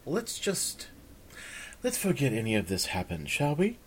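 A man's voice: medium pitch, huge pitch swings, measured pace, breathy edge, voice pushed up, heavily acted. A man doing a flustered, charming young bard. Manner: florid, apologetic, evasive.

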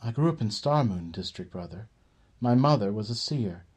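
A man's voice: on the low side, expressive, moderate pace, darkish tone, slightly rough. A man voicing a tough, streetwise woman who talks bluntly but with care. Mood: reassuring. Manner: blunt, plainspoken, coaxing.

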